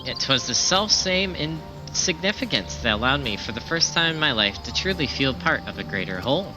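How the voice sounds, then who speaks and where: An earnest young horned leader of a forest people speaks in formal, old-fashioned phrases, as a man reads him aloud. The voice sits in a middle pitch and moves lively up and down. Clear game music plays behind. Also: normal speed, lightly acted, poor audio.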